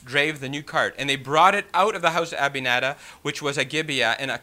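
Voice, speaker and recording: A man's voice: mid-range voice, a little fast, pushed and bright. A man preaching a sermon, reading scripture and then explaining it with rhetorical questions and folksy "you know" asides.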